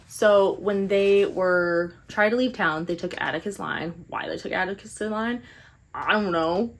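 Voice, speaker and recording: A young woman chatting casually through a book review, animated and sarcastic. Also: medium pitch, a little slow, slight background noise. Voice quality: animated, sarcastic, eye-rolling. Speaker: book vlogger.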